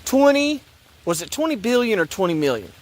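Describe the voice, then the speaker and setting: A man's voice: sits high, very animated, fairly quick. A man ranting in a sarcastic, repetitive way about religion and politics, rambling and restarting his sentences. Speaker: online commentator.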